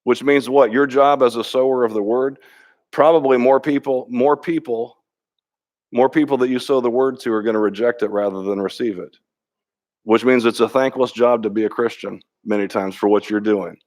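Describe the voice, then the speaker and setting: A middle-aged pastor delivers a sermon in a relaxed, conversational way. His pitch sits at an ordinary level for a man. He often restarts phrases and repeats words, and he slips into quoted dialogue as he tells stories. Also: normal speed.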